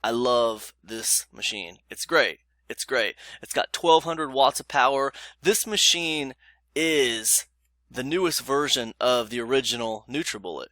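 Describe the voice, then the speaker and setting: Bright-voiced man chatting about blenders. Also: medium pitch, a little slow, no echo. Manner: chatty, loose, lots of fillers, addresses viewers as "you guys"; emphatic, repeats points. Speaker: YouTube blender reviewer. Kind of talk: casual product review vlog.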